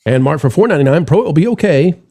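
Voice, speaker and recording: Animated male live-stream host. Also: fairly high pitch, racing, husky. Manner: animated, jokey, reads donations aloud. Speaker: show host. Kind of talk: casual live-stream chat.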